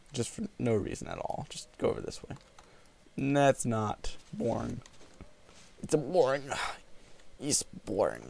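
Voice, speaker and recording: A man gravelly, easily riled game commentator. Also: medium pitch, slight background noise. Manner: chatty, easily frustrated, laughs often. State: sick with a cold. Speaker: gameplay video host. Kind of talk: casual let's play commentary.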